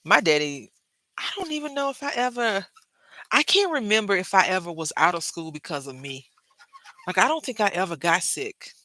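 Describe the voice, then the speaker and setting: A bright, forceful-sounding woman talks casually to her viewers while she crafts. She drifts from the project into stories and addresses the audience directly. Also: fairly low pitch, sing-song, moderate pace, long pauses, no room sound, poor audio. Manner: chatty storyteller, drifts between crafting and anecdotes. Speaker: craft vlogger.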